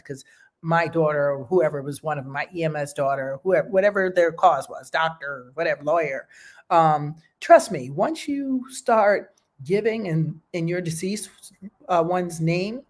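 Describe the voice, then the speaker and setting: A woman hosting a show, talking in a casual, heartfelt way and often checking in with "okay?" and "you know". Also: lowish voice. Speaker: host.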